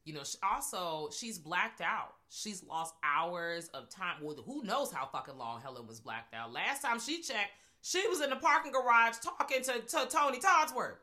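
A woman co-hosting a podcast, recapping a horror movie in casual, profane, animated chat and acting out the scenes. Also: medium pitch, normal speed, hardly any pauses. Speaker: podcast co-host.

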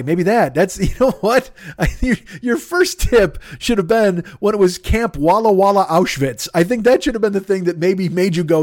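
A man's voice: high-pitched, animated, normal speed, darkish tone, no room sound, clean studio sound. A man hosting a podcast, ranting in an angry, sarcastic way and swearing constantly. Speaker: podcast host. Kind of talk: profane comedic rant.

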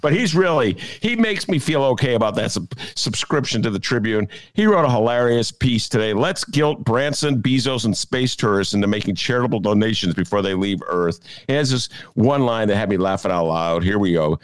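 A middle-aged man giving joking commentary on newspaper columns as a columnist host, with sudden high-pitched jumps for emphasis. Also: expressive, a little fast, few pauses, dry recording. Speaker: columnist hosting a media review segment. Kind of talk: casual commentary.

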